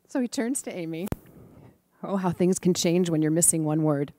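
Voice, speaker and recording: Gentle woman telling a church story. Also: lowish voice, moderate pace, long pauses, no room sound. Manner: gentle, animated storytelling with soft whispered asides. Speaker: speaker giving a church talk. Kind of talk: storytelling sermon.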